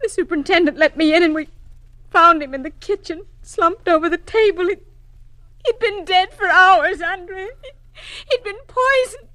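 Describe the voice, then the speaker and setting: An actress playing a distraught young secretary in a 1940s radio drama, tearful and shaken. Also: female voice, fairly even intonation, normal speed, few pauses. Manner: tearful, breathless, high and shaken.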